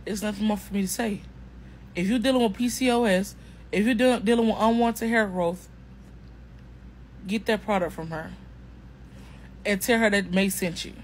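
A woman's voice: mid-range voice, moderate pace, long pauses, a little hiss or hum, rough recording. A woman chatting emphatically to her viewers in a casual testimonial vlog, repeating herself and speaking in an informal, slangy way. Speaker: customer sharing a product testimonial.

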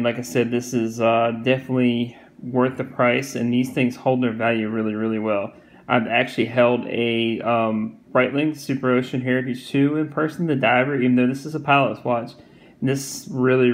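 Gravelly Southern man reviewing a watch. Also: mid-range voice, low-quality recording. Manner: rambling, repeats himself, many fillers. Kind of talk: casual product review.

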